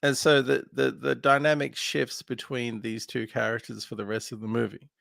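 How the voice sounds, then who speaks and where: A man with a very gravelly, creaky voice recaps a film plot casually. He wanders through the story with lots of ums. The sound is close and dry, with no room behind it. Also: mid-range voice, little pitch movement, normal speed, a bit bright, dry recording. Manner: meandering, filler-heavy retelling. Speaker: film podcast co-host.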